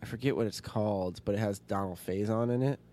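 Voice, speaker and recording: A man's voice: fairly low pitch, fast, warm tone. A young man co-hosting a casual podcast chat, rambling with lots of "like" and laughing often. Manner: rambling, laughs a lot, many "like"s. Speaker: podcast co-host.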